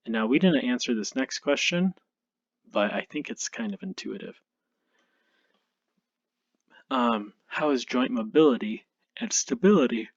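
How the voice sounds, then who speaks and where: A male anatomy instructor giving a recorded lecture over slides, relaxed and self-deprecating, thinking aloud with frequent ums. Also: mid-range voice, no room sound, lo-fi sound. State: tired, yawning.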